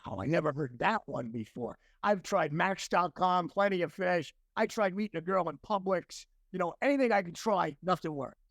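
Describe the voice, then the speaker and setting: A man's voice: high voice, lively intonation, moderate pace, hardly any pauses, a bit bright, dry recording. A man in his sixties, an interview guest, telling an earnest personal recovery story and acting out the dialogue as he goes. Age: 60s. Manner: earnest, emotional at times.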